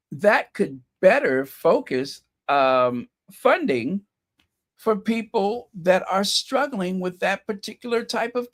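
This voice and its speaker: A man's voice: high-pitched, a bit bright. A man hosting a casual commentary vlog, reading headlines aloud with sarcastic asides and chuckles, his voice a bit scratchy. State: slightly scratchy voice. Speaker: channel host.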